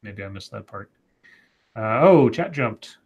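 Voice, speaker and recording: A man in his forties co-hosting a casual livestream, reading viewer comments aloud with halting, stammering restarts. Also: on the low side, expressive, slightly rough, muffled recording. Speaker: co-host.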